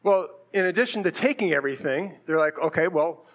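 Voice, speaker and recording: Pastor, male, high voice, easygoing conversational sermon delivery. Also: fast talker. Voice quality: conversational, animated preaching with rhetorical questions.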